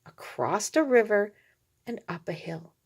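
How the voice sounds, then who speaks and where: A woman hosting a video, reading a storybook aloud with chatty relaxed asides. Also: medium pitch, measured pace, gravelly, husky. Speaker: reborn doll collector and video host. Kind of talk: storybook read-aloud with hand puppets.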